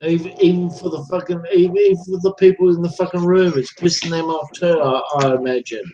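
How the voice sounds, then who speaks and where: A man's voice: fairly high pitch, fairly even intonation, fast talker, muffled recording, noisy background. A man ranting in an online voice chat room, taunting a rival with repetitive profane gloating over a computer microphone. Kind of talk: angry taunting rant.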